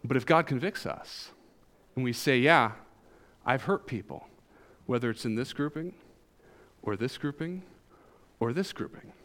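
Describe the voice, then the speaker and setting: A man's voice: mid-range voice, a little slow, pauses often. A male pastor with a Southern US accent preaching a sermon, joking with the congregation. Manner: animated, jokes with the congregation.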